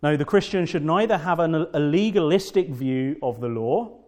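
A man with a notably high speaking voice delivers a sermon from the pulpit. He preaches with fervour, repeating phrases and slowing down to press home key words. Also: lively intonation, a little mellow. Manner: fervent preaching with emphatic repetition and slow drawn-out stresses. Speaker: pastor.

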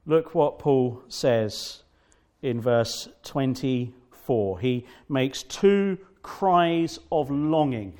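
A man preaching a sermon as pastor, fervent and emphatic, repeating phrases and slowing down to stress key words. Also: medium pitch, warm tone.

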